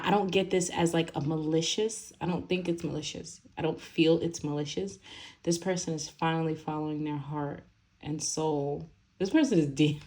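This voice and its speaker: A woman with a low, deep voice gives a casual tarot reading. She rambles and talks loosely, full of fillers and little laughs. She sounds young. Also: a little mellow. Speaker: tarot reader.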